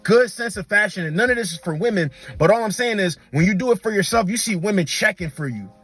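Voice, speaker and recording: A man's voice: high-pitched, expressive, fast talker, fairly bright tone, breathy edge, soft background music. A man giving blunt, slangy reaction commentary, repeating words for emphasis. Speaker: dating commentator.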